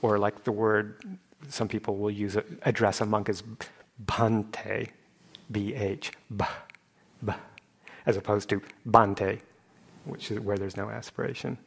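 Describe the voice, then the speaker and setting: A man's voice: lowish voice, fairly even intonation, moderate pace, vocal fry, breathy edge. A man explaining Pali chanting and pronunciation in an informal class, speaking patiently with fillers and light chuckles as he acts out sounds.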